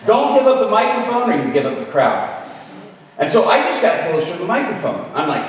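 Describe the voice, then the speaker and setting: A man preaching with an animated, humorous storytelling manner, heard in an echoey hall from far off. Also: sits high, fairly quick. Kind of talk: storytelling sermon. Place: event venue.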